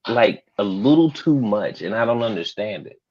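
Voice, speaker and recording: A man's voice: lowish voice, expressive, normal speed, dry recording, highs cut off. A man chatting casually on a livestream panel, hesitant and restarting, with small chuckles. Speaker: panel guest.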